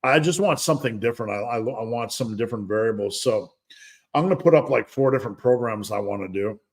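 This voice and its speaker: A middle-aged American man hosts a casual livestream Q&A on fitness, answering viewers in a loose, rambling way. His pitch is an ordinary middle range and his pace quick, and he drifts into asides, often laughing at himself.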